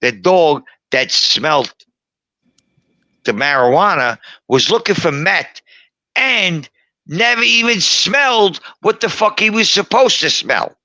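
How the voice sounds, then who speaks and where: A man's voice: high voice, animated, takes it slowly, bright, forceful tone, dry recording. A middle-aged man telling rowdy, profane tall tales as a guest, combative and boastful. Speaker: guest storyteller. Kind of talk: rowdy bar-room storytelling.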